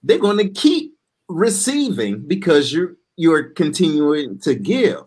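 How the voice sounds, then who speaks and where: A podcast host speaks straight to the listeners in a lively way. The pitch swings widely, and the voice is husky. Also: slow pace. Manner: lively, addresses the audience directly. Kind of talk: live podcast talk.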